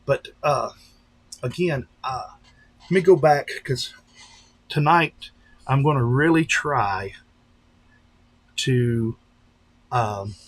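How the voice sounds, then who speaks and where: A man with a husky, slightly breathy voice chats to his live-stream viewers. He is a pastor who talks loosely and rambles from one point to the next, greeting people as he goes. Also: mid-range voice, slow, long pauses. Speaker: pastor and drone-racing streamer. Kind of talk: casual live-stream chat.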